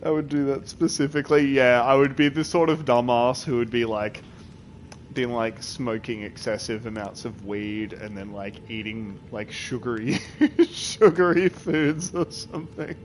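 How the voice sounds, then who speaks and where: Male streamer, loose rambling chat with viewers, giggles a lot, mid-pitched, faint noise under him. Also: unhurried. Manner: rambling, laughs often, lots of fillers. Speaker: live streamer. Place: at his computer.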